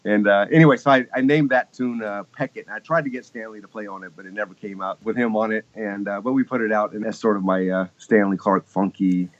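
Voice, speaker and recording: This guest keyboardist, a Texan man in his fifties, rambles through stories in a casual interview, chuckling and restarting often. His voice sits on the low side with a steady tone and a quick pace with few pauses. The audio is slightly muffled and lo-fi.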